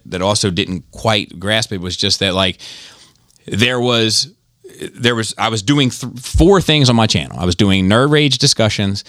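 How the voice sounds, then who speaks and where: A man's voice: lowish voice, a bit bright, no echo, clean studio sound. A man hosting a casual podcast chat, talking in a rambling, emphatic way and often restarting his sentences. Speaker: podcast host.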